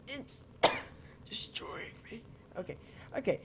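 A man's voice: a little high, lively intonation, measured pace, pauses often, noisy background. A man giving casual, rambling gameplay commentary, joking to his viewers and chatting at his cat as he plays. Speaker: gaming channel host.

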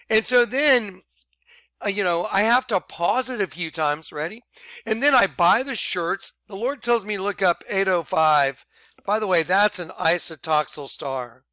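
A man tells his viewers a story in an animated, casual way, often slipping into "I'm like" as he retells it. His voice sits high and sounds dry, with little room around it. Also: moderate pace, dry recording. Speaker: vlogger.

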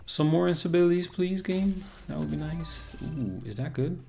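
A man's voice: a little high, moderate pace, vocal fry, a little mellow, soft background music. A man streaming casually, chatting with viewers and reacting to the game as it plays. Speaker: casino streamer. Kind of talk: casual live-stream commentary.

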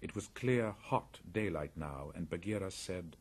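A man reading a classic story aloud as an audiobook narrator, in slow, deliberate storytelling. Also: sits low, expressive, a little mellow, husky.

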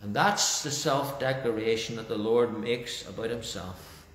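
A male pastor praying and then preaching a sermon in church, slow and deliberate, lingering over key phrases. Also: mid-range voice, a bit bright. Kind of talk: sermon with opening prayer. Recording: roomy church echo.

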